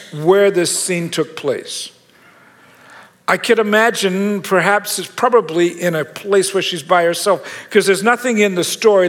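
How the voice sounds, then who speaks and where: A man's voice: high-pitched, long reverb tail. A man preaching a sermon in a conversational, joking way with self-mocking asides. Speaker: pastor.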